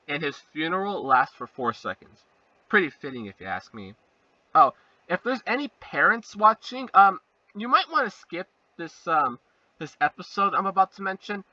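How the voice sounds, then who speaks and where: Young male reviewer, high and lively, very bright and sharp tone, sarcastic comic delivery, muffled and slightly off-mic. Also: dry recording, far from the mic. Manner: animated, sarcastic, jumps into silly voices. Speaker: video reviewer. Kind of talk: comedic fake review monologue.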